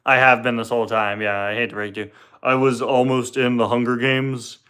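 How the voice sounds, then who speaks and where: A man's voice: medium pitch, little pitch movement, brisk, sharp tone, clean tone. Rambling young man on a livestream. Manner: rambling, joking, trips over words. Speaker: livestream host. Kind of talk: casual live Q&A chat. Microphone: phone on a tripod.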